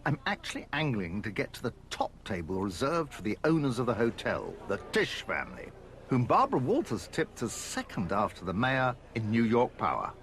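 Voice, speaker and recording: An English man delivering scripted documentary voice-over with measured, wry storytelling. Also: mid-range voice, huge pitch swings, fairly bright tone, slight background noise. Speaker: documentary presenter. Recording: voice-over over clear music.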